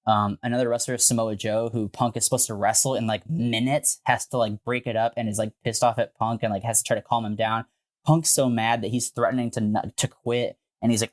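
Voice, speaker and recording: A man co-hosting a podcast, telling a story in a casual, animated way with frequent swearing and filler words. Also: mid-range voice, brisk. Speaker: podcast co-host.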